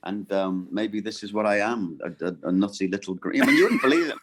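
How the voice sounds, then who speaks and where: A middle-aged man with a gravelly, fairly low voice chats in a casual interview. He talks in halting bursts, stopping and restarting his sentences and filling gaps with ums. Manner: halting, many restarts and fillers. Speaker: voice actor guest.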